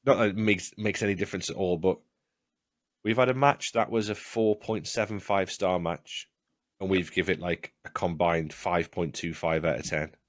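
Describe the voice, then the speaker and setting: A man's voice: deep voice, steady tone, normal speed, no echo, clean studio sound. A man co-hosting a casual podcast watch-along, talking bluntly with plenty of swearing and restarts. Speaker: podcast co-host.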